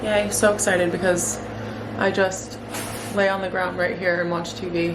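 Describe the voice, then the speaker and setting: A woman's voice: on the low side, level tone, moderate pace. A woman in her twenties chatting casually in a home vlog, upbeat and full of "like" fillers. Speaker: lifestyle vlogger. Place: apartment at home. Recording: echoey room, faint background noise.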